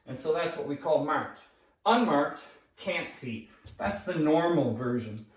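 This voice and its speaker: A man with a slightly raised voice walks through a grammar lesson at a whiteboard, steady and patient, pausing to ask "right?" and fixing his own words as he writes. His voice is caught from across an echoing room by a distant camera mic. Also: a little high. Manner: patient explaining, frequent checking "right?" and "okay?"; restarts and self-corrections while writing. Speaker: English teacher.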